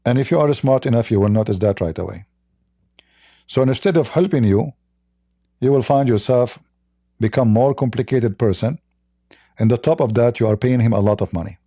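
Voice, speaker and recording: In this livestream monologue, the host speaks at a normal speed in a dark, mid-range voice, leaving long pauses between blunt, mocking remarks and repeated restarts. The recording is dry and close, with no room sound.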